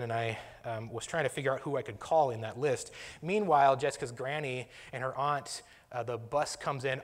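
Chuckling man telling a story in a hall. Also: mid-range voice. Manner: self-deprecating, chuckling, halting restarts. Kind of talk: casual personal anecdote.

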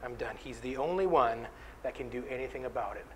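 A man's voice: medium pitch, brisk, fairly bright tone, a little hiss or hum, rough recording. Earnest man preaching a sermon. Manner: earnest, direct exhortation. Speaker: pastor.

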